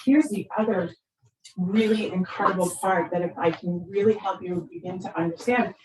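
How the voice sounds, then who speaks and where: Low-voiced woman speaking from across a roomy hall. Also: fairly even intonation, normal speed, a little mellow, a little hiss or hum. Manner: conversational, keeps asking "right?"; acts out quoted lines with big voice shifts. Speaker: therapist. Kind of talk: presentation to parents. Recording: roomy echo, speaker far from the mic.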